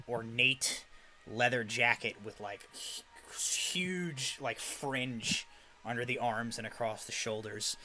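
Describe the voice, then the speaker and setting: A man's voice: medium pitch, bright, forceful tone, a little hiss or hum. A man narrating a tabletop game as game master in a rambling way, with plenty of "like" and "uh". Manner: rambling, fills his speech with "like" and "uh".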